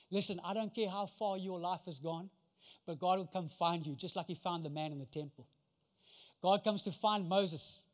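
Pastor, man with a high voice, emphatic sermon delivery, long hall reverb. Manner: emphatic preaching with rhetorical questions.

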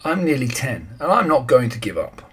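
A man's voice: mid-range voice, big pitch swings, moderate pace, a bit bright, slightly rough, full character voice. A man voicing a frightened but determined boy of nearly ten in a read-aloud storybook, crying out for help. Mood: anxious, determined.

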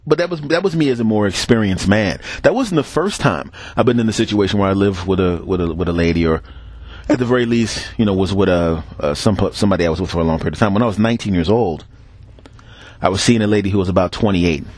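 A man's voice: sits low, fast, no echo. A middle-aged man hosting a podcast, telling comic stories casually and acting out the voices of the people in them. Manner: animated, acts out quoted voices, laughs between bits. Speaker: podcast host. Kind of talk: casual comic storytelling monologue.

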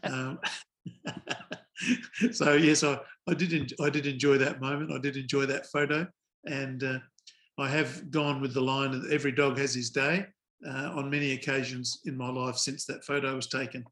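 A man's voice: medium pitch, little pitch movement, normal speed, fairly bright tone. An older man, a former umpire telling wry anecdotes as a guest in a casual interview.

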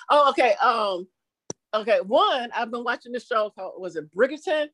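A middle-aged woman, a YouTube comedian, answering interview questions in an animated way, laughing often and acting out quotes in different voices. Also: on the high side, moderate pace, no echo.

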